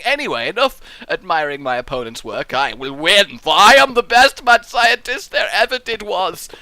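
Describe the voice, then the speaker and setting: A young man rambles through excitable, goofy gameplay commentary, swearing freely as he goes. His voice sits high and leaps all over the place with a bright, sharp edge. The sound is dry and close. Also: no echo. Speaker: let's play host.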